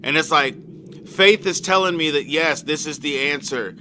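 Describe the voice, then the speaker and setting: A man's voice: a little high, moderate pace, bright, forceful tone, slight background noise. A male streamer rambling animatedly and swearing freely in casual chat while he plays a game. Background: video game music.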